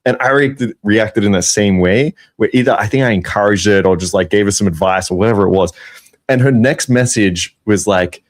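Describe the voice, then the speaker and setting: A man's voice: lowish voice, fairly quick, no room sound, clean studio sound. A man co-hosting a casual podcast, laid-back and swearing casually. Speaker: podcast co-host, coach.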